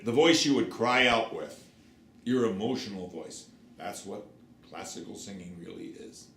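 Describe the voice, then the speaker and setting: A man giving a singing lesson, explaining technique in a lively way and breaking into short sung and shouted examples. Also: lowish voice, normal speed, creaky. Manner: lively, explanatory, demonstrates sounds with his voice. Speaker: singing teacher. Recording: roomy sound with faint background noise.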